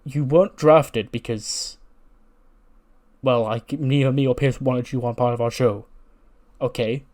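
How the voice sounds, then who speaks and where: A man's voice: medium pitch, steady tone, a little mellow, close to an everyday voice. A man voicing a stern, imposing male wrestling boss who gives firm, dismissive orders. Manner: firm, dismissive, slow emphatic lines.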